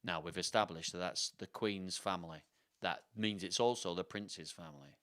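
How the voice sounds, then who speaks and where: A man's voice: low-pitched, moderate pace, fairly bright tone. A man hosting a live storybook reading, breaking off into jokey asides and remarks to his chat. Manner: jokey, self-interrupting, talks to the live chat.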